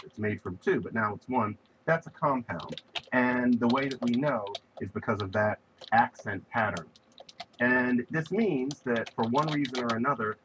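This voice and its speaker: A man's voice: lowish voice, background noise. A man giving a recorded lecture on linguistics, explaining ideas through spoken examples and stressing key words.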